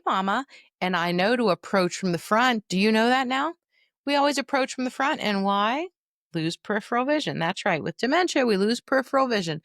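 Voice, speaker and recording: A middle-aged woman, a dementia caregiver and trainer, coaching listeners on a podcast in a lively, folksy, direct way. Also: fairly high pitch, no echo, clean studio sound. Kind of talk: podcast teaching monologue.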